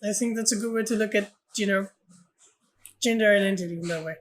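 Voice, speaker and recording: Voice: mid-range voice, fast, a little hiss or hum. A podcast co-host in casual film chat, thoughtful and easygoing, often giving short replies.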